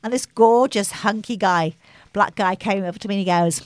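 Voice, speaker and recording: A woman's voice: mid-range voice, expressive, fairly quick, dry recording. A woman in her sixties with a Liverpool accent, chatting casually and rambling through a story. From England. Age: 60s. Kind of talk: casual chat.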